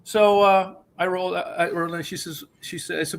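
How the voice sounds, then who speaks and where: A man's voice: high-pitched, fairly even intonation, brisk. A man telling a heated, profane story in casual chat as the host.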